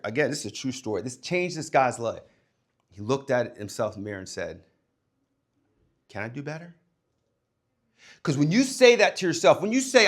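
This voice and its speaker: A man with a somewhat high voice gives an emphatic motivational talk to young people. He is a former coach who speaks loud to drive his points home, then drops to a near hush. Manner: emphatic, swings between loud and hushed.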